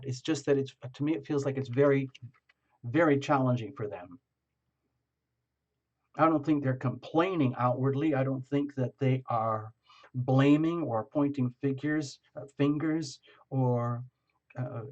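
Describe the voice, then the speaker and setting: A man's voice: mid-range voice, darkish tone, highs cut off. Rambling man giving a tarot reading. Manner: meandering, repeats words for emphasis. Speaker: tarot reader.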